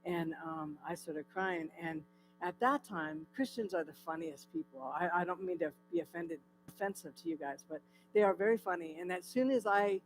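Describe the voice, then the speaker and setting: A woman's voice: lowish voice, poor audio. A woman speaking at a church, telling her own recovery story in a personal testimony with vivid storytelling and acted-out quotes, earnest and tearful in places.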